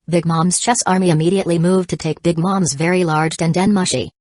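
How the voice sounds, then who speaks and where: A woman giving steady, scripted narration of an audiobook. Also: on the low side, fairly quick, hardly any pauses, no room sound.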